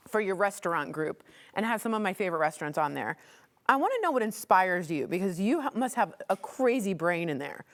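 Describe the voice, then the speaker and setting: A woman's voice: mid-range voice, big pitch swings, brisk. A woman hosting a TV lifestyle show, chatting in a bubbly, playful and gushing way with a guest on a studio kitchen set. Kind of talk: lively casual interview chat.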